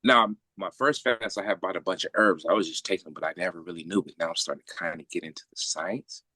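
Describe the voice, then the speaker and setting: On a dry recording, a man whose voice sits low talks at a quick pace through a long personal story in casual talk. He's animated, swears a lot, and acts out the quoted voices.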